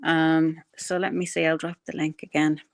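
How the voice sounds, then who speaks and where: A woman's voice: deep voice, flat delivery, normal speed, creaky, dry recording, clean studio sound. A woman hosting a casual livestream, chatting bluntly with viewers and thinking aloud in a rambling, opinionated way. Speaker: livestream host. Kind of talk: casual livestream chat answering viewer comments.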